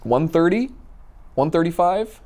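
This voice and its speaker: A man from Minnesota telling a personal story in a casual, animated way, acting out the dialogue. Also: a little high, unhurried. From Minnesota, USA. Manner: animated, acts out quoted dialogue. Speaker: storyteller guest.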